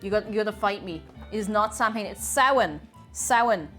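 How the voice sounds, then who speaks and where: A woman's voice: medium pitch, a little fast, music in the background. A woman streamer in casual live-stream chat, greeting viewers by name and playfully repeating phrases while she works in her home kitchen.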